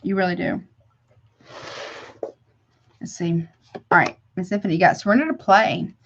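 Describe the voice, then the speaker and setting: A woman's voice: lowish voice, normal speed, lo-fi sound, slight background noise. A woman doing a live tarot reading for her chat viewers, chatty and affectionate, calling them honey between card draws. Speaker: tarot reader.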